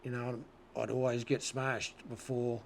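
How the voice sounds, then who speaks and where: A man's voice: mid-range voice, little pitch movement, a little slow, gravelly, a little hiss or hum. A man with an Australian accent telling rodeo stories as an interview guest, laid-back, swearing freely and often asking "you know what I mean". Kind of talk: casual storytelling.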